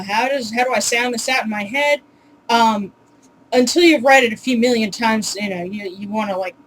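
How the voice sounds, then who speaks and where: A woman hosting a relaxed home tutorial, speaking in a fairly high voice. She talks in a chatty, unscripted way, filling pauses with ums and uhs. Her asides are wry and a little exasperated. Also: slight background noise, rough recording. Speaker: video host teaching pronunciation.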